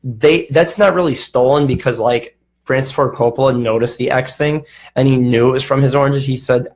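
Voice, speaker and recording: A man's voice: mid-range voice, normal speed. A man hosting a casual podcast chat, telling stories and acting out quoted lines. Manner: animated storyteller, acts out quotes. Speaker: podcast host.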